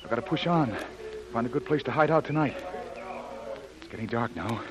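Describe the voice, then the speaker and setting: An actor playing a rugged jungle adventurer who talks to himself and cares for a sick companion, in a 1930s radio drama style. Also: male voice, mid-range voice, expressive, a little fast, crowd noise, lightly acted, low-quality recording. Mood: tough. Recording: hissy old radio recording.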